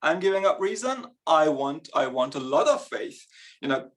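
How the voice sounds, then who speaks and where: A man's voice: a little high, sing-song, moderate pace. A young man performing a stand-up comedy set, chatty and self-mocking, laughing between his lines. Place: live comedy event on stage.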